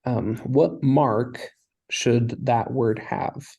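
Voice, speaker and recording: A man's voice: medium pitch, very slow, gravelly, darkish tone, breathy edge, rough recording. A man teaching a Hebrew lesson, explaining patiently step by step. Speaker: language teacher.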